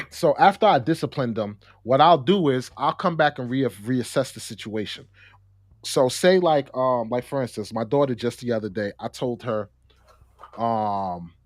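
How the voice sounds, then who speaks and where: A young adult man co-hosting a casual discussion, talking in an animated way with slang and repeated words. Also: mid-range voice, no room sound, clean studio sound. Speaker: podcast co-host.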